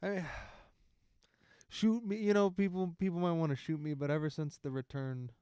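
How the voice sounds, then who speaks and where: A man's voice: fairly high pitch, steady tone, normal speed, warm tone, smooth, dry recording, clean studio sound. A young man co-hosting a podcast, laid-back and casual, often stumbling over his words. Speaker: podcast co-host. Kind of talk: casual chat.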